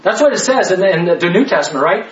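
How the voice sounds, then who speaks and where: A man with a high voice leads a Bible study, hammering on key words and asking "okay?" again and again. He sounds echoey and set back from the mic, in a dull, lo-fi recording. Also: lively intonation, fast talker, far from the mic. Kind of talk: Bible study teaching to a small group. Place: indoor room with a listening group.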